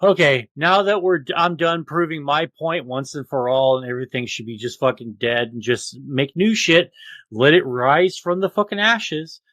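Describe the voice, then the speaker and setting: A man co-hosting a casual podcast, ranting with lots of swearing and loud outbursts. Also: a little high, moderate pace, no room sound. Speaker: podcast co-host.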